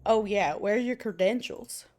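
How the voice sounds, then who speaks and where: A woman's voice: medium pitch, normal speed, darkish tone, natural voice. A woman voicing a paranoid, distrustful loner in a game. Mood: wary. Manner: wary, distrustful. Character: paranoid suspicious loner animal villager.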